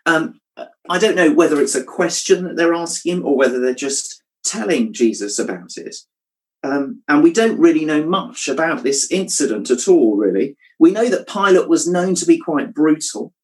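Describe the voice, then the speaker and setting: A man preaching a sermon, thoughtful and measured, dropping his voice quietly when quoting scripture. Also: on the high side, rough recording. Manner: reflective, drops to a hush on quoted scripture.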